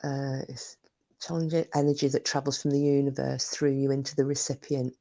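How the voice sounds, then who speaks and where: A woman's voice: very deep voice, flat delivery, a little fast, warm tone. A woman hosting a live stream, rambling in casual chat with plenty of fillers and breaking off to greet viewers by name. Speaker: livestream host.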